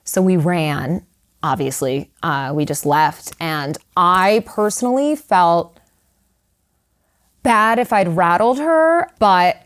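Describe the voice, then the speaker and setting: Chatty woman, lowish voice. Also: slow. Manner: candid, animated, many "like" and "you know" fillers. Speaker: guest writer. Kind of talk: conversational storytelling.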